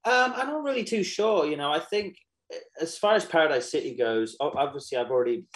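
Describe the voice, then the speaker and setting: A man in his thirties, a podcast guest, chatting casually and telling animated stories with quoted asides. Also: on the high side, brisk, poor audio. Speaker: podcast guest, musician and actor. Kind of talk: casual chat.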